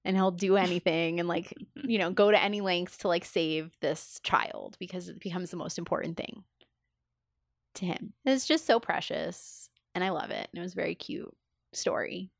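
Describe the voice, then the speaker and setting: A woman's voice: lowish voice, normal speed, vocal fry, dry recording, clean studio sound. Chatty woman gushing about a show. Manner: enthusiastic, filler-heavy, acts out quoted dialogue. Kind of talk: casual chat.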